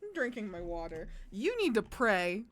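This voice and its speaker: A young woman streaming live and commenting on a game, excitable and dramatic, with frequent swearing. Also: mid-range voice, moderate pace, no room sound.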